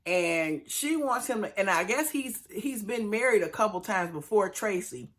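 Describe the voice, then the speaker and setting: A woman's voice: mid-range voice, expressive, moderate pace, a bit bright. A woman hosting casual recap commentary, chatty and emphatic, talking straight to her viewers.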